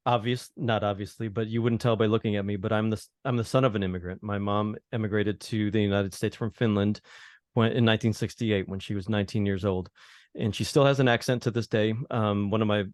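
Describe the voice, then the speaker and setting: A man hosting a podcast interview, chatting in a personal, slightly halting way. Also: on the low side, fairly even intonation, darkish tone, no room sound, clean studio sound. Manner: conversational, personal, a bit halting. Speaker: podcast host.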